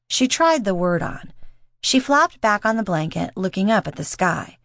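A woman narrating an audiobook in a steady, measured reading voice. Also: medium pitch, dry recording, studio quality. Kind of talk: scripted narration.

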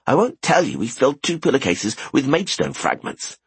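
Male reader plays teasing young sidekick, relaxed and playful, dry sound. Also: medium pitch, brisk, gravelly, breathy edge, no room sound, pitched above the performer's own voice, heavily acted. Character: cheeky young male friend, grinning and teasing.

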